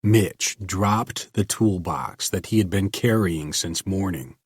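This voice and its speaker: A man narrating a science fiction story in a measured, deliberate way. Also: low voice, breathy edge, no echo, studio quality.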